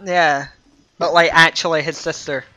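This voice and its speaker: A man's voice: on the high side, steady tone, normal speed, pushed and bright, dull audio. A man chatting casually on a gaming podcast, dropping dry joking asides. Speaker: podcast co-host.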